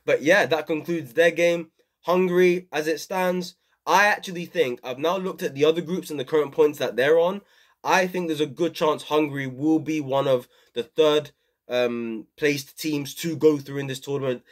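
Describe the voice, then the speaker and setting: A man's voice: on the high side, moderate pace. A young man hosting a casual football review vlog, rambling and opinionated, full of fillers. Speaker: football channel host.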